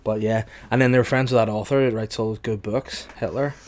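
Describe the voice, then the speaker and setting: A man hosting a comedy podcast, joking in a deadpan, rambling way full of fillers. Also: fairly low pitch, quick pace. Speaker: podcast host. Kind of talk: casual comedy chat.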